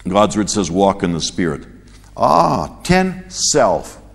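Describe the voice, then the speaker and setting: A man preaching a sermon in an animated way, rising to loud emphatic peaks and dropping to quiet low asides. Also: slow, vocal fry. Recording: long hall reverb.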